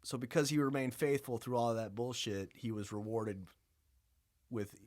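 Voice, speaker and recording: A man co-hosting a podcast, retelling a story in a casual, animated way with acted-out voices and plenty of swearing. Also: mid-range voice, normal speed. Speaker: podcast co-host.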